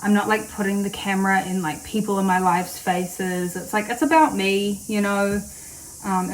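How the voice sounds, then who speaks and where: A woman's voice: medium pitch, slight background noise, poor audio. A woman, chatting casually to camera in a rambling vlog. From New Zealand. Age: late 20s. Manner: rambling, chatty, with frequent fillers. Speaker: vlogger.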